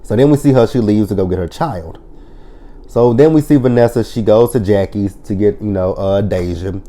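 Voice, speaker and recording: Reviewer, male: low, mellow voice, swears freely, retells scenes with lively quoted lines. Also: moderate pace. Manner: profane, blunt storytelling. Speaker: TV show reviewer. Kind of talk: casual episode recap review.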